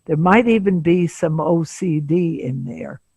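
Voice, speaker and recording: A woman in her seventies, a psychotherapist, telling a case story slowly and deliberately in an interview, with frequent pauses. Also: low-pitched, a little mellow, slightly rough, dry recording. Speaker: psychotherapist guest.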